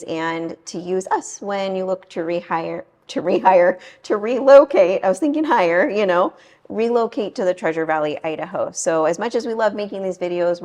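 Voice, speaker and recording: A woman's voice: fairly low pitch, a little mellow. A woman real estate agent chatting enthusiastically to camera in a home's kitchen, talking straight to her viewers. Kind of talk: casual home-tour chat to camera. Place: kitchen of a house.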